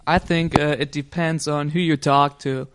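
A man's voice: fairly high pitch, level tone, moderate pace, fairly bright tone, clear, resonant tone. A man from near Frankfurt with a German accent, a guest giving short plain answers in English.

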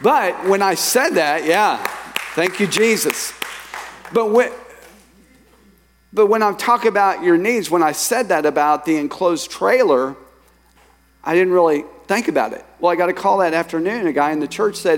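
A man preaching a sermon as pastor, lively, reading scripture and telling stories to his congregation. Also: high-pitched, normal speed. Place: church sanctuary. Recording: long hall reverb.

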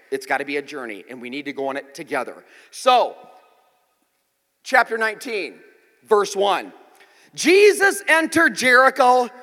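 A male pastor preaches with a high voice that swoops constantly between ups and downs. He keeps it loose and joking, checking in with the congregation as he goes. His voice rings out with long reverb, as in a large church hall. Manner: lively, joking, conversational preaching with frequent "okay?" check-ins. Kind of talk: sermon. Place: church sanctuary.

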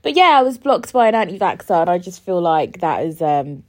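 Woman, podcast host, low voice with a lively, swinging pitch, chatty and sweary. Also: a little fast. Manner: chatty and expressive, swears freely, repeats herself for emphasis. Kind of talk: casual storytelling monologue.

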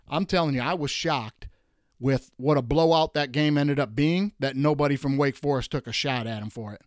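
A man from Detroit hosts a sports show in an exasperated, emphatic rant. He sits at a mid pitch and climbs sharply whenever he mocks something. The sound is dry and close to the mic, with no room around it. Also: moderate pace, no room sound. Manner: exasperated, emphatic, swings high when mocking. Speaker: podcast host.

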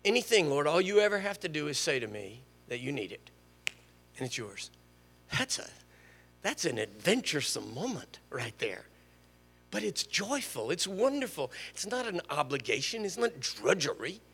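Older preacher in a reverberant church. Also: male voice, fairly high pitch, moderate pace, vocal fry, husky. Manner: storytelling, animated, jokes with the congregation. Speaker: guest preacher. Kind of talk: sermon. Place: church sanctuary.

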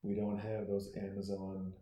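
A man from Texas talking in a casual, profane, rambling monologue, preachy and excitable, often restarting his sentences. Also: fairly low pitch, moderate pace, roomy sound. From Austin, Texas. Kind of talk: casual rambling monologue while watching a movie.

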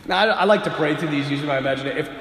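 A man preaching a sermon who tells the story dramatically and swings from loud to hushed. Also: on the high side, very fast. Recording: echoey hall with long reverb.

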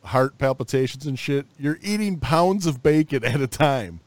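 A young man with a mid-range voice trades wisecracks in a relaxed late-night podcast chat. He talks in a laid-back way and swears casually. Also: mid-range voice, normal speed, dry recording. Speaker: podcast co-host.

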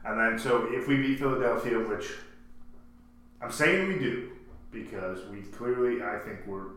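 A podcast co-host with a lowish, expressive, slightly bright voice speaks a little slowly about his soccer team in casual sports chat. He's far from the mic in an echoey room with a faint hum, and he rambles, self-corrects, and laughs frequently.

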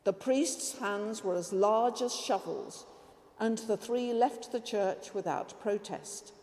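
A woman preacher giving a measured, reflective sermon that includes a story read aloud. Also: mid-range voice, darkish tone, long reverb tail.

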